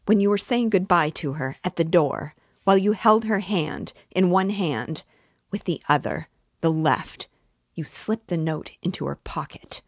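Woman doing an indignant young man, hot and insistent, raised and loud, dry close sound. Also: high-pitched, measured pace, dry recording, voice pushed up. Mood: indignant, heated. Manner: heated, insistent, repeating himself. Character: earnest angry young man, short-sighted, righteous.

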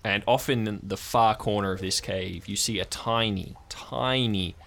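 A man narrating as game master, relaxed and halting, with frequent fillers. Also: fairly low pitch, creaky, slight background noise.

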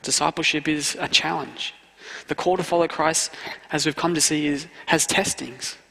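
A man's voice: fairly high pitch, fairly even intonation, normal speed, creaky, pushed and bright. Earnest preacher man in a reverberant hall. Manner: earnest, repeats key phrases for emphasis. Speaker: student pastor. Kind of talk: sermon.

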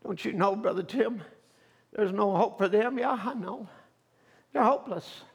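A male pastor preaching a sermon, moving from quiet storytelling to loud, fervent preaching. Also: high voice, normal speed, creaky, husky. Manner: swings from quiet storytelling to shouted fervor.

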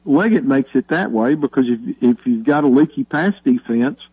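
A man's voice: mid-range voice, lively intonation, normal speed, slightly rough, no echo. A male caller on sports radio, talking emphatically. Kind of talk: call-in sports talk. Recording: muffled phone line.

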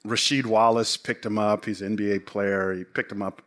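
A middle-aged man, a pastor, preaching a sermon in an animated, joking way. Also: on the low side, normal speed.

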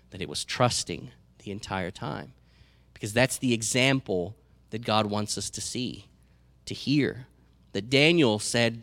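A man's voice: mid-range voice, no echo. A man preaching a sermon as a pastor, earnest and repeating words as he goes.

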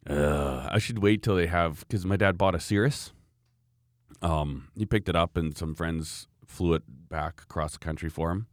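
Man in his forties, podcast co-host; very low voice, close and dry sound, chatty storyteller. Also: normal speed, dry recording. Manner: rambling anecdotal storyteller, chuckling often. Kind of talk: casual chat.

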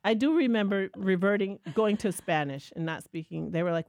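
A woman co-hosting a podcast, telling a lively personal story in a casual, self-mocking way. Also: medium pitch, brisk, few pauses, no echo, studio quality. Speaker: podcast co-host.

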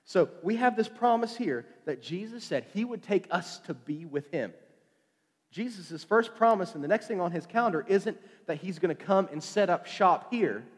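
A man's voice: high voice, expressive, moderate pace, breathy edge. A man preaching a casual evening sermon, chatty and joking, with lots of fillers and restarts. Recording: long hall reverb.

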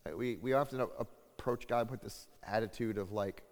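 A pastor delivers a sermon haltingly, full of fillers and restarts, and his voice grows louder and higher when he acts out what people say. The recording carries a long hall reverb.

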